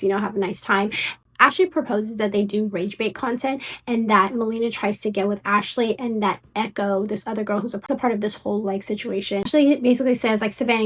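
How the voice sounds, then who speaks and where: A young woman rattling through a gossip recap at a quick clip, her voice at an ordinary middle pitch. She drops "like" and "da, da, da" constantly while acting out what others said. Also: slightly rough. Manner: rapid, filler-heavy retelling with quoted voices. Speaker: commentary YouTuber. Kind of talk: casual storytelling recap.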